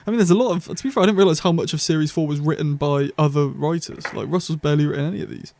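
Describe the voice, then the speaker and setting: A young man co-hosting a casual fan podcast, chatty and enthusiastic, quick to laugh. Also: a little high, vocal fry, a little mellow. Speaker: podcast host.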